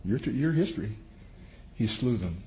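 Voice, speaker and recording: A man preaching a sermon, telling a scripture story with lively, animated delivery and voicing the characters' words. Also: measured pace. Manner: animated storytelling, voices quotes with sudden pitch jumps. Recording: dull lo-fi recording with faint noise.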